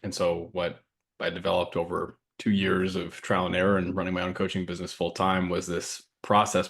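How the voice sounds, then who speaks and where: Deep-voiced man reading and chatting. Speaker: podcast co-host and coaching business owner. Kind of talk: casual podcast chat and reading a list aloud.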